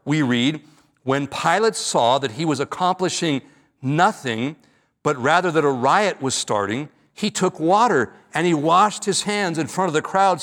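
A man's voice: a little high, unhurried, fairly bright tone. A man preaching an earnest expository sermon, stretching key words for emphasis. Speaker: pastor.

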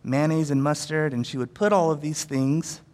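A man's voice: a little high, moderate pace, darkish tone, in a large hall. A man preaching a sermon in a casual, conversational way, often acting out quotes and using fillers. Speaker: pastor.

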